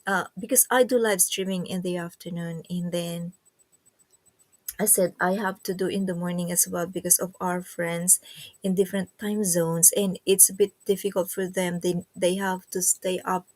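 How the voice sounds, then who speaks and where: A woman's voice: lowish voice, level tone, normal speed, no echo. A woman with a Filipino accent hosting a casual livestream, chatting and reading viewer comments aloud. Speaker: livestream host.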